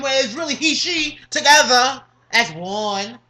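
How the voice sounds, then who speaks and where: Woman, high voice, bright and sharp, sassy profane rant, emphatic, vlog to camera. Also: moderate pace. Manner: sassy, swearing, emphatic, repeats "understand?". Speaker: vlogger.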